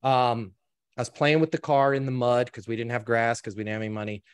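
A man's voice: mid-range voice, brisk, clear, resonant tone. Man telling a story with animation. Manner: animated storyteller, quotes others, many restarts. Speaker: interview guest. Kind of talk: storytelling in conversation.

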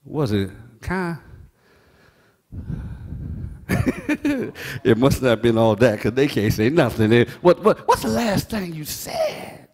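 A man pastor preaching a sermon, folksy and joking, moving from quiet words to shouting. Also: mid-range voice, unhurried, in a large hall. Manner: animated preaching, swings from hushed to shouting.

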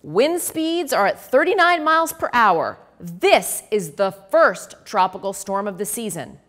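A woman's voice: mid-range voice, very animated, unhurried, fairly bright tone. A woman voicing a serious female frog forecaster reading weather numbers in a storybook. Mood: informative.

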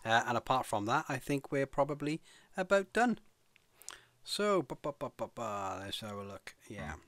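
A man's voice: medium pitch, very animated, moderate pace, fairly bright tone, faint music behind. A man with a British accent hosting a podcast, rambling through the sign-off with restarts and chuckles. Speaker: podcast host. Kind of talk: casual podcast chat and sign-off.

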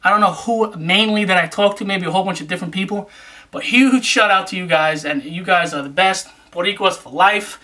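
Man as a YouTube vlogger giving shout-outs, hyped and joking, streetwise, with a bright, punchy voice. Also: sits high, brisk. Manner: repeats "you know what I'm saying". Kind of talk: casual vlog shout-outs.

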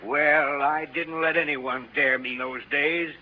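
A man's voice: a little high, fairly even intonation, takes it slowly. An actor playing a long-winded, folksy middle-aged father in a 1930s radio drama. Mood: rambling. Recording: dull old radio broadcast, faint hiss.

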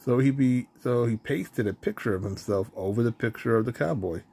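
A man reading a children's storybook aloud at a steady pace, with a few small slips. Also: medium pitch, brisk, gravelly, husky. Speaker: storybook reader.

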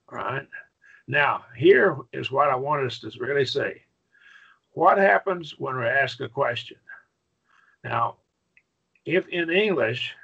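Gravelly man teaching a grammar class. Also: medium pitch, a bit bright, dull audio. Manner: explanatory, checks understanding with "right?". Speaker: Bible Greek teacher. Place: church classroom.

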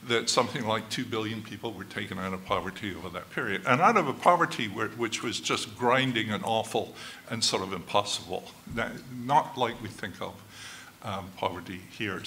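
Bright-voiced older man with faint room hum. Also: mid-range voice. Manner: thoughtful, hesitant, lots of fillers. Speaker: seminar discussant. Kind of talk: academic panel discussion.

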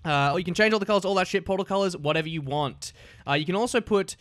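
A man's voice: sits high, fast, a bit bright, no room sound, studio quality. A man giving casual, crude and jokey gameplay commentary as host of his gaming videos.

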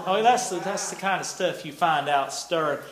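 A man's voice: fairly high pitch, normal speed, a crowd in the background. An older man, telling a folksy testimony in a sermon. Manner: folksy storytelling with laughs and nonstandard grammar. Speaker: preacher. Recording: echoey room.

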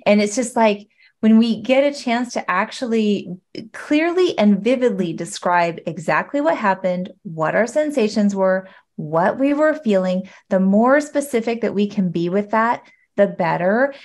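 A woman's voice: medium pitch, expressive, a little slow, a little mellow. A woman coach speaking over a video call, giving earnest, encouraging advice in long flowing sentences.

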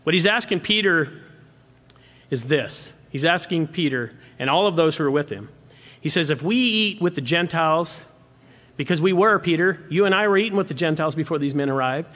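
A man's voice: fairly high pitch, animated, a little fast, a bit bright. Emphatic preacher man in a reverberant hall. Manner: emphatic, asks the congregation questions. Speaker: pastor. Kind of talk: sermon. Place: church sanctuary.

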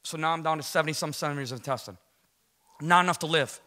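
A middle-aged man giving an animated testimony to a church audience, telling his story casually and acting out what people said. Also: fairly high pitch, fast. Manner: storytelling, acts out quotes, casual slang. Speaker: guest speaker giving a testimony.

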